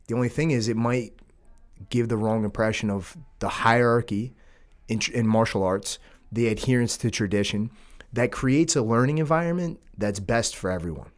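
A man who runs a jiu-jitsu school, hosting a casual podcast chat in an animated, loose way. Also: mid-range voice, moderate pace. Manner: animated, frequent 'dude' and 'like'.

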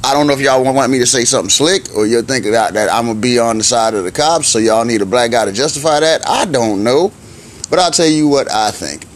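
A man's voice: mid-range voice, fast talker. A man delivering a blunt, profane comic rant in slangy casual speech, often climbing into exasperated outbursts.

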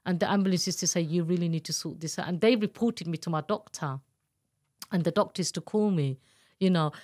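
A woman with a lowish, slightly mellow voice talks fairly quickly as she shares her story of surviving abuse in an interview. Earnest and candid, she acts out the voices of those she quotes in emotional personal storytelling.

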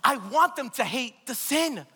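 A man's voice: very high-pitched, animated, a little slow, bright, forceful tone, husky. A man preaching a live church sermon, emphatic and repetitive, calling out to the congregation. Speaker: pastor. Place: church sanctuary. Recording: long hall reverb.

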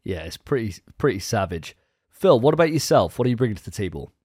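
A man's voice: lowish voice, big pitch swings, fast talker, a little mellow, slightly rough, no echo, clean studio sound. A man co-hosting a gaming podcast, chatting casually and rambling with restarts. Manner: chatty, rambling, self-correcting. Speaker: podcast co-host. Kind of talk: casual chat.

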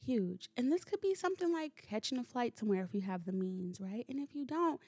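A woman hosting a solo podcast, telling stories in a casual, animated way, swearing freely and laughing as she goes. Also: fairly high pitch, quick pace, no room sound. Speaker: podcast host. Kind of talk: casual solo storytelling monologue.

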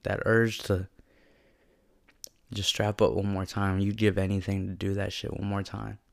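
A man's voice: sits low, little pitch movement, unhurried, vocal fry. A young man telling a personal story in a casual, slangy and earnest way, often saying "like". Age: young adult. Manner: casual and slangy, heavy use of "like", earnest and emotional. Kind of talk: personal reflective monologue.

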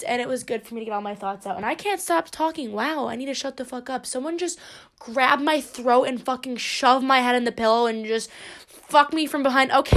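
A young woman hosting her own podcast, talking in a rambling, playful and profane way. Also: a little high. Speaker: podcast host. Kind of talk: casual solo podcast monologue.

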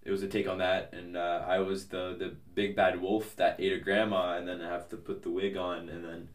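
Deep-voiced young man, rambling. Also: flat delivery, normal speed, roomy sound, recorded from a distance. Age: young adult. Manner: rambling, hesitant, many fillers and restarts. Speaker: podcast guest. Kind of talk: casual interview chat.

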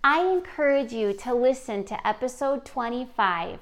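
A woman's voice: fairly high pitch, expressive, moderate pace, a bit bright. A woman hosting a podcast, speaking earnestly and encouragingly straight to the listener in a scripted monologue. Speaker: podcast host.

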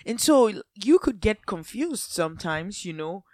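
A woman's voice: mid-range voice, sing-song, a little slow, darkish tone, no room sound, clean studio sound. Affirming woman co-host. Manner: responsive, affirming, asks follow-up questions. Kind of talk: Bible study conversation.

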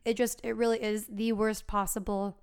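A woman's voice: mid-range voice, little pitch movement, normal speed, darkish tone, clear, resonant tone. A young woman co-hosting a podcast, telling a true crime story in a casual, chatty way with lots of fillers.

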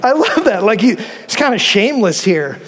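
High-voiced male pastor in a hall. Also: normal speed. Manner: animated and conversational, with humor. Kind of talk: sermon.

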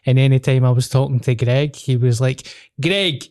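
A man's voice: medium pitch, flat delivery, fairly quick, dark tone, no room sound, studio quality. A young man with a Glaswegian accent hosting a casual podcast, rambling and swearing as he chats. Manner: swearing, laughing, rambling banter. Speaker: podcast host.

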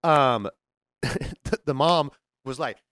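A man's voice: medium pitch, drawn-out words, a bit bright, dry recording, clean studio sound. A man telling a story in casual chat, acting out the quotes and laughing often.

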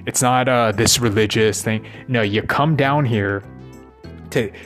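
A man of ordinary pitch rants at length in a loose, wandering monologue, swearing freely and asking for agreement after every few thoughts. Soft music plays quietly behind him. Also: measured pace. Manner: profane, ranting, keeps asking "right?". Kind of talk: rambling monologue.

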